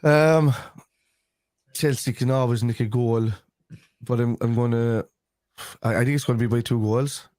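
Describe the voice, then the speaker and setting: A man's voice: mid-range voice, fairly even intonation, measured pace, long pauses, a little mellow, no room sound, studio quality. A man giving his match predictions in casual chat, thinking aloud and repeating "I think" often. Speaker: guest pundit.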